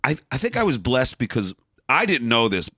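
Guy rambling through a story on a podcast, bright voice, dry close sound. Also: medium pitch, huge pitch swings, normal speed, no room sound. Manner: rambling, blunt and profane, many restarts. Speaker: podcast guest. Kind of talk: casual storytelling.

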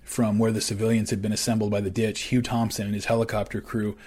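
Man narrating history, conversational and measured. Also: fairly low pitch, flat delivery, darkish tone, slightly rough. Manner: measured, with fillers and restarts. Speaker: podcaster.

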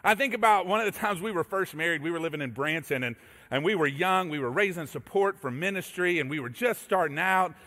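A man preaching a sermon as a pastor, telling stories with animated energy and acting out voices. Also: fairly high pitch, fairly quick. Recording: echoey hall reverb.

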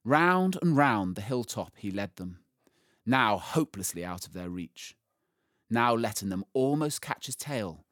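A man reading a storybook aloud, slow and expressive, rising with the drama. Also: lowish voice, dry recording, clean studio sound.

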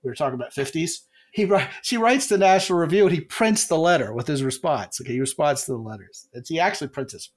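A man hosting a podcast in casual chat, telling animated stories and acting out quotes in a raised voice. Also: a little high, fast, few pauses.

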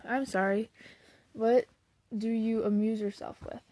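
Woman doing a daring teen girl, brisk and cheery, warm low voice. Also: fairly even intonation. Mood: cheerful. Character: bold, lively teenage girl, daring and kind.

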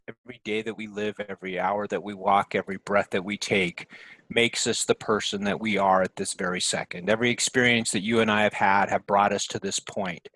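A man telling a long personal story as a podcast guest, rambling and restarting his sentences, then slowing into a reflective tone. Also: fairly low pitch, fairly bright tone, no room sound, poor audio. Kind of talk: casual storytelling.

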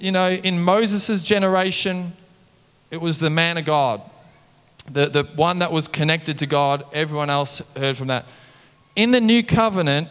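Male pastor, conversational sermon, higher-pitched, long hall reverb. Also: clear, resonant tone. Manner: animated, conversational preaching with mimicked voices and "come on" refrains.

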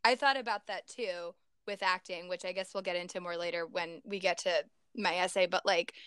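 Reflective young woman, smooth voice. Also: lowish voice, fairly even intonation, normal speed, a bit bright, no echo, clean studio sound. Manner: reflective, rambling with many "like"s. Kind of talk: casual chat.

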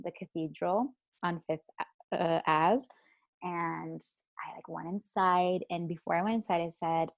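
Chatty woman, lower voice, dry sound. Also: no room sound. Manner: chatty storytelling, heavy use of "like". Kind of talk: casual chat.

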